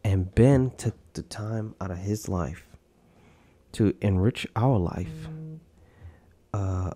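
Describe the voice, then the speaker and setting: A man's voice: on the low side, slow pace, warm tone, breathy edge. A man hosting a podcast in casual, profane chat, laughing in disbelief as he talks. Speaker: podcast host.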